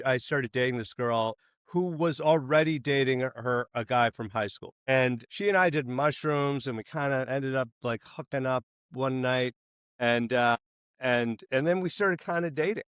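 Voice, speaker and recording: A man telling a long comic story in a casual interview, animated and acting out the people he quotes, with some swearing. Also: medium pitch, clear, resonant tone, no room sound, clean studio sound. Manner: animated, acts out quoted voices, swears freely. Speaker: filmmaker telling stories.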